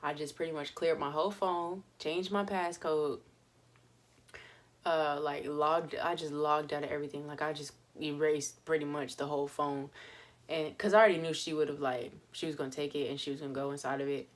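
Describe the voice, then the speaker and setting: A woman's voice: deep voice, steady tone, normal speed. A young woman vlogger telling a story in a chatty, casual way, with lots of fillers and laughs.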